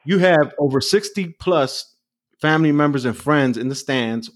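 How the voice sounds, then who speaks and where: A man's voice: fairly high pitch, normal speed. A man hosting an interview, asking questions with vivid scene-setting. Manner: builds questions with vivid setups. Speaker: interview host.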